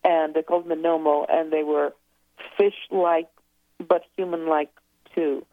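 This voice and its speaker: A woman's voice: deep voice, steady tone, measured pace, dry recording. A woman guest author speaking casually in an interview, rambling and hesitant as she recalls things. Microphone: telephone. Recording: tinny phone line.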